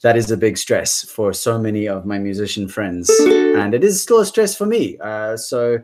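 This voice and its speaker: A man's voice: fairly low pitch, expressive, moderate pace, over loud music. A man hosting a casual musician's livestream, chatting in a rambling way and reading out viewer comments. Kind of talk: casual live-stream chat.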